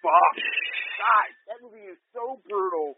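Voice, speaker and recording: A man's voice: high-pitched, unhurried, creaky. A man co-hosting a podcast, chatting casually and emphatically, repeating himself and swearing often. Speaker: podcast co-host. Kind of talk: casual profane chat. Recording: tinny phone-like line with faint noise.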